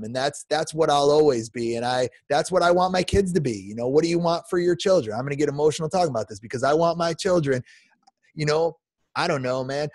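Fortyish and fired up, a man appearing as a podcast guest rants emphatically, restarting and repeating himself often. His voice is a little high, and the close-miked recording is dry.

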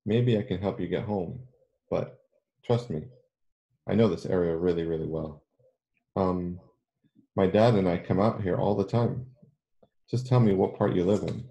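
A man voicing a kind, curious young girl who knows the woods well, in a gentle, reassuring way. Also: low voice, moderate pace, vocal fry, long pauses, reverberant, highs cut off.

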